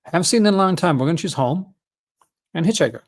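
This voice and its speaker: A man's voice: on the high side, animated, rapid-fire. A man hosting a casual livestream, rambling enthusiastically and often correcting himself mid-sentence. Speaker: host.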